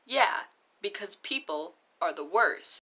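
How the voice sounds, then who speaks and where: A woman's voice: mid-range voice, animated, takes it slowly, bright, forceful tone, heavily acted. A woman doing a blunt, cynical young man. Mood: confused.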